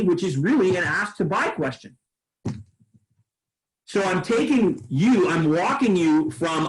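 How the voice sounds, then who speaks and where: Fast-coaching male sales trainer. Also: sits high, lively intonation, rough recording. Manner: coaching, quick asides, repeats words when starting. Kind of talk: sales training role-play.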